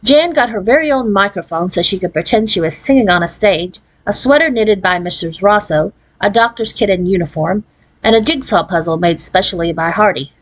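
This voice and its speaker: A woman reading a children's chapter book aloud in an expressive storybook cadence. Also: medium pitch, fairly quick, rough recording. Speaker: read-aloud narrator.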